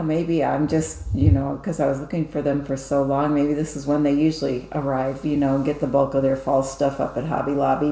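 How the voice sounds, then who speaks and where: A woman's voice: low-pitched, warm tone, reverberant, rough recording. A woman co-hosting a stitching show, chatting earnestly with many fillers and thanks. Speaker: co-host. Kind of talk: casual chat.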